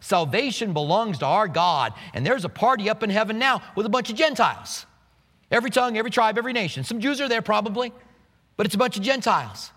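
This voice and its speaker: A man preaching a sermon in an animated way, acting out the scenes he describes. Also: high voice, quick pace, big-room sound. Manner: animated, acts out scenes with quoted voices. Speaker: pastor.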